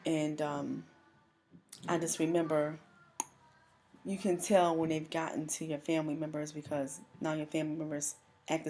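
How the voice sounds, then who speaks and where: A woman giving a personal religious testimony, earnest and emotional, speaking haltingly with many pauses and restarts. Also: sits low, a little mellow, slight background noise.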